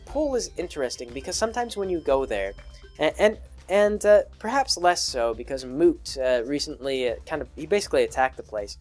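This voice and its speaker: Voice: mid-range voice, animated, brisk, faint music behind. A video creator answering patron questions in a casual, rambling monologue full of fillers and restarts. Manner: acts out quoted people in a raised voice.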